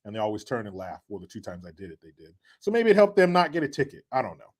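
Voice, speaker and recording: A middle-aged man hosting a casual political commentary stream, reading viewer comments with sarcastic, mocking asides that swing from loud to muttered. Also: lowish voice, sing-song, fast.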